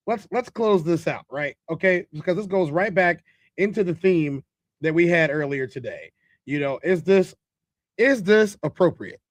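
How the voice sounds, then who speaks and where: A man's voice: fairly high pitch, no room sound. A male host giving casual live-stream commentary, speaking emphatically and straight to his chat.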